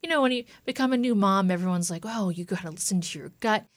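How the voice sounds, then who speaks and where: A woman's voice: medium pitch, quick pace, no echo, clean studio sound. A woman in her thirties, a podcast guest telling a personal story in earnest, quoting what people said. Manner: earnest, retelling with quoted dialogue.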